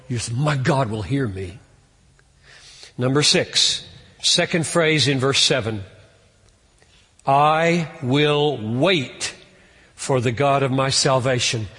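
Slow earnest guy preaching, voice climbs when he leans in, long hall echo. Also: fairly bright tone, breathy edge. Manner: earnest, rises in pitch and force on key points. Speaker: pastor. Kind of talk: sermon.

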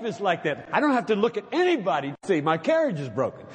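Male preacher, lively high voice, unhurried emphatic sermon delivery, long hall reverb. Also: slight background noise. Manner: animated, emphatic, drops low and slow when reading quotations aloud.

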